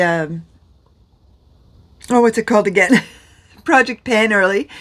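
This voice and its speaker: Slow, rambling woman vlogger in pain. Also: fairly high pitch. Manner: rambling and self-deprecating, laughs often. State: in pain, tired. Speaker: beauty vlogger. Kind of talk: chatty makeup vlog monologue.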